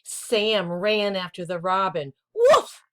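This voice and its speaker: A woman's voice: fairly low pitch, animated, takes it slowly, fairly bright tone. A woman hosting a children's storytime, reading a picture book aloud.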